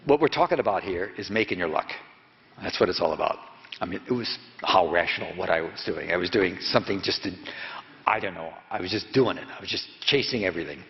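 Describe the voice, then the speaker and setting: Speaking in a deep voice, a US-born reporter in his seventies spins a meandering story for a crowd, full of digressions, false starts, and self-corrections. The audio sounds muffled and low-fidelity, with the echo of a large hall.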